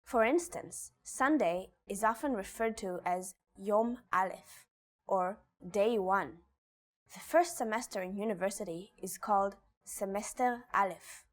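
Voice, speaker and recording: Slow, careful woman teaching Hebrew letters. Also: mid-range voice. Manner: slow, careful pronunciation of example words. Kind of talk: scripted language lesson.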